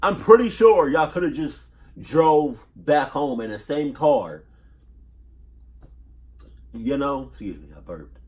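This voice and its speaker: A man's voice: medium pitch, lively intonation, slow, long pauses, a little mellow. A man doing casual reaction commentary, nervous, profane and rambling, repeating himself as he stutters over his words. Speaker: reaction youtuber.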